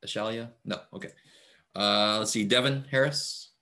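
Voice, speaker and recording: A man's voice: lowish voice, moderate pace. A man teaching a math class over a video call, talking casually with lots of fillers while taking roll. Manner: relaxed, chatty, many fillers. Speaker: math instructor. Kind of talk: casual online class talk. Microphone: computer mic on video call.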